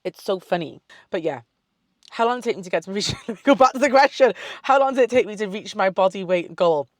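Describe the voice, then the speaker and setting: A woman's voice: medium pitch, animated, fast, no room sound, studio quality. A young woman in a casual Q&A chat to camera, a fitness coach who swears freely, drifts off on tangents and gives upbeat self-love pep talk. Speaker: fitness model and online coach.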